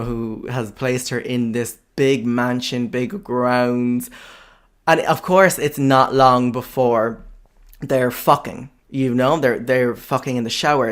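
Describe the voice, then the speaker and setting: A man's voice: medium pitch, fairly bright tone. Man, podcast host, casual monologue, frank, full of fillers. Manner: chatty and frank, heavy on fillers and swearing.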